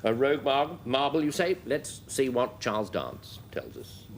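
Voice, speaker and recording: A man's voice: medium pitch, animated, normal speed, slight background noise. Dryly amused male quiz host. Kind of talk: hosting a panel game.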